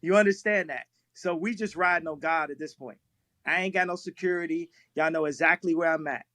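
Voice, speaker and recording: A man telling stories in casual talk on a live stream, animated, laughing often and repeating himself. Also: on the high side, a little fast, no room sound. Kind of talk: casual storytelling.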